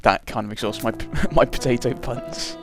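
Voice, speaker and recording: A man's voice: medium pitch, normal speed. A man giving casual let's play commentary, rambling and self-deprecating with puns. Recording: game music behind commentary.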